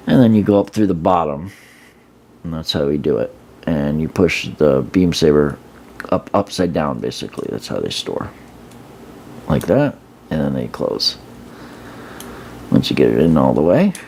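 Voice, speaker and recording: Low gravelly man reviewing a toy. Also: slight background noise. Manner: relaxed, rambling, many fillers and restarts. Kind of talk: casual hands-on product review.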